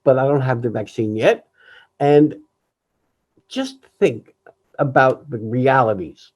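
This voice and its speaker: An older man, a jazz pianist, speaking candidly over a video call in an emotional, reflective way, often halting and restarting. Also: medium pitch, a little mellow, rough recording. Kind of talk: candid personal talk.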